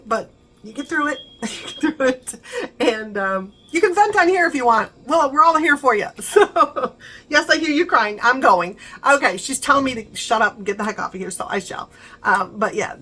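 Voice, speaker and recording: A woman's voice: a little high, sharp tone, husky, low-quality recording. A middle-aged woman chatting casually to her viewers, encouraging and laughing often. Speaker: vlogger. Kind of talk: casual chat to camera.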